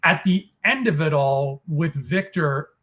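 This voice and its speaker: A man in a casual chat, animated, acting out his own reactions as little quotes. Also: a little high, a little slow.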